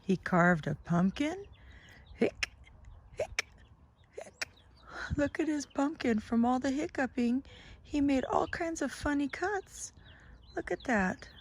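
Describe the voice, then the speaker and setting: A middle-aged woman reads a children's picture book in a gentle, sing-song way, her voice rising and falling a lot. She speaks slowly, with a gravelly edge, and a faint hiss sits under the recording. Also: high voice, expressive. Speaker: children's storytime reader.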